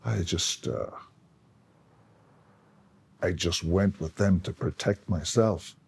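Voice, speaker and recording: An older man with an Irish accent, slowly and reflectively telling about his childhood in an interview. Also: low-pitched, vocal fry, husky. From Ireland. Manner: slow, reflective, with soft laughs.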